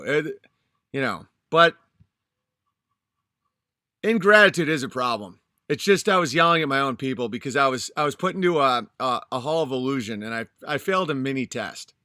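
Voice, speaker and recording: A man's voice: a little high, very animated, normal speed, long pauses, sharp tone, dry recording, studio quality. A man in his thirties, a channel host, delivering an angry, profane and emphatic vlog monologue.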